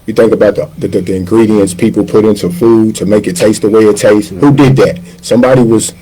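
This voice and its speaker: A man in his fifties, a chef, telling his life in a relaxed sit-down interview. He talks in loose slang and keeps slipping into other people's voices as he acts out their quotes. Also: fairly low pitch, brisk, low-quality recording. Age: 50s. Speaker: chef guest. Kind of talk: casual storytelling interview.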